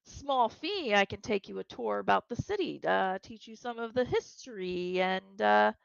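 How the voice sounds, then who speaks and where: A woman's voice: medium pitch, expressive, normal speed, creaky, smooth, dry recording, highs cut off. A woman voicing a friendly male town tour guide who rambles and hesitates while offering a tour. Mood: eager.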